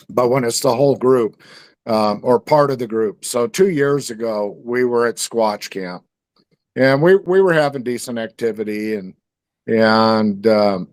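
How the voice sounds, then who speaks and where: A man telling a story in a loose, rambling way, full of fillers and restarts. His voice is close and dry, with no room sound. His pitch sits in the middle. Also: dry recording. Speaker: guest. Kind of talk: storytelling in casual conversation.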